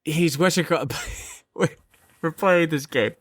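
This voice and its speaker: A man co-hosting a podcast in casual chat, telling a story in an animated, profane way. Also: a little high, a little slow, no room sound, clean studio sound. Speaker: podcast co-host.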